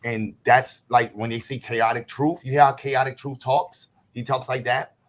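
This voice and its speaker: A man talks things through, building his points at length in a relaxed streamed discussion. His voice sits in a middling pitch and carries a thoughtful tone. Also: moderate pace. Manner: reflective, lays out ideas at length.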